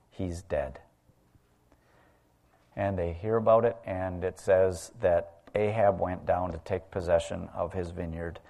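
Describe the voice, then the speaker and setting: A man preaching a sermon, retelling scripture and swinging between loud emphasis and quiet, low asides. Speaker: pastor.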